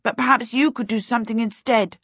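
A woman's voice: on the high side, fairly even intonation, fairly quick, a bit bright, husky, dry recording, dull audio, pitched above the performer's own voice. A woman voicing a harassed young boy who chatters eagerly.

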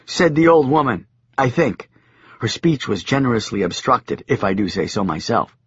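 Wry man narrating an audiobook, husky. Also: mid-range voice, moderate pace, dry recording. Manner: wry, deadpan first-person storytelling. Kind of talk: scripted comic narration. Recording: dull, lo-fi audiobook sound.

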